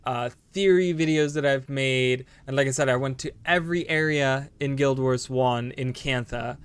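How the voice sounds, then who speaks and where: A man's voice: medium pitch, moderate pace, clean tone. A man streaming a game live, rambling to his viewers with bursts of delighted exclamations and casual swearing. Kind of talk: casual live gameplay commentary.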